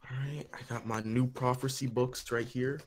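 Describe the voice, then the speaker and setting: A man's voice: mid-range voice, steady tone, moderate pace, noisy background. A man streaming and chatting casually with a co-host, laid-back and joking. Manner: laid-back, joking, talks over music.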